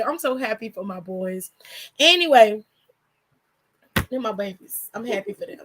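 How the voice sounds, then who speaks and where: A woman hosting her own channel, chatting loudly and bluntly with her chat and swearing freely. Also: fairly high pitch, animated, normal speed. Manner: loud, blunt, profane, reads chat aloud. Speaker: channel host. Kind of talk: casual livestream chat.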